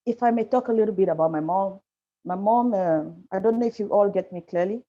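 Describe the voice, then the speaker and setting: Emotional woman on a muffled call. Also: mid-range voice. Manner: emotional, halting, apologetic. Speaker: panel guest, musician. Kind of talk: personal testimony on a video panel. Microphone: video call. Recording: muffled lo-fi video call audio.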